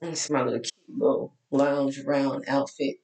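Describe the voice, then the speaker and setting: Texas woman life coach, worn out, candid and chatty; gravelly voice, roomy echo. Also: rumbling low, level tone, moderate pace, darkish tone. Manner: candid, chatty, preachy asides. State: tired, voice cracking. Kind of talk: casual talk to followers.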